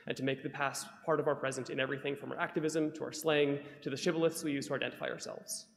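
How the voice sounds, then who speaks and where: A speaker giving a prepared reflection from a church pulpit, earnest and measured with a dry humor. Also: male voice, medium pitch. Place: church sanctuary. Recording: echoey hall with long reverb.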